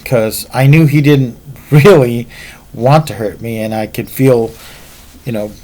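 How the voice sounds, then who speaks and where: A man's voice: medium pitch, a little slow, darkish tone. A man telling a martial arts story in a casual, rambling way, with frequent fillers.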